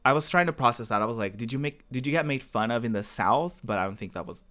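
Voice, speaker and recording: A man from the American South plays on a game stream, chatting casually, rambling, and restarting his sentences while answering his viewers' chat. His mid-range voice is animated and fast, sounding pushed and bright.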